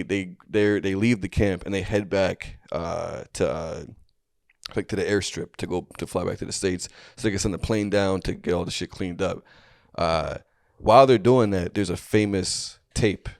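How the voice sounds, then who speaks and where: A young man telling a story on a comedy podcast, rambling along with many fillers and restarts. His voice sits low. It is recorded dry and close on a podcast mic. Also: creaky, a little mellow, no echo.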